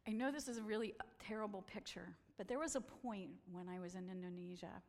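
A woman telling stories from a slideshow talk, animated and acting out the voices she quotes. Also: medium pitch, fairly quick, in a large hall. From United States. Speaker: speaker presenting photos.

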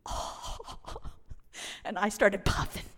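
A woman telling a humorous personal faith story, lively and self-mocking, acting out the voices of the people in it. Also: slow. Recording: long hall reverb.

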